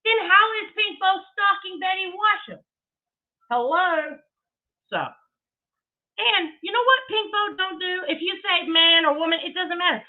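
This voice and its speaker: A woman's voice: extremely high pitch, measured pace. A woman giving a heated, profane commentary rant with emphatic delivery and laughing asides. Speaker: commentary streamer. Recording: tinny phone-like audio.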